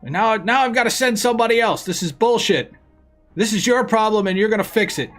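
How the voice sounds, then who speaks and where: A man voicing an angry commander who shouts and swears into a communicator. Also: high voice, fairly quick, faint music behind, voice pushed up. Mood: furious. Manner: loud, swearing, barking.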